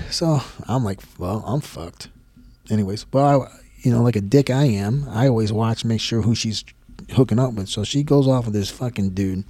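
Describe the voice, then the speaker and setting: A young man with a low, mellow voice tells a story on his podcast. He talks bluntly and swears freely, in a casual, rambling way. The sound is dry and close. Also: no room sound. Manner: blunt and profane. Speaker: podcast host.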